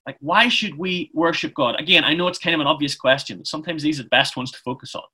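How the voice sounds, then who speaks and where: A man's voice: fairly high pitch, quick pace, sharp tone, husky. A man giving a chatty, informal sermon, often restarting his phrases. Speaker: preacher.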